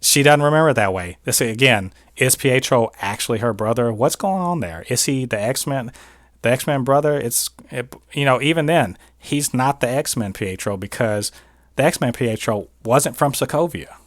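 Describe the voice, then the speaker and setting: A man hosting a casual TV review show, talking in an animated, opinionated way with many restarts and asides. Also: mid-range voice, normal speed, dry recording, studio quality. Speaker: podcast host reviewing TV. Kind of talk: casual spoiler review monologue.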